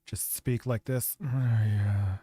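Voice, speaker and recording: A man hosting a livestream, ranting and mocking in a profane, rapid commentary. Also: on the low side, fairly even intonation, mellow, breathy edge. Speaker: streamer host.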